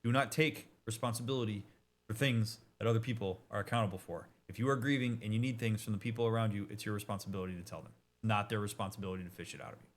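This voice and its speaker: A man who works as a therapist, talking over a game in a casual, explanatory way, direct and emphatic, with quick asides and restarts. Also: fairly low pitch, fairly even intonation.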